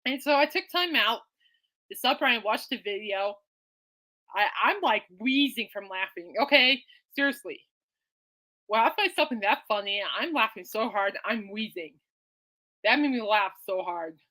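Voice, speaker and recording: A woman's voice: a little high, animated, moderate pace, sharp tone. A woman hosting a podcast in casual, rambling chat, giggly and reacting to listener comments. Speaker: podcast host.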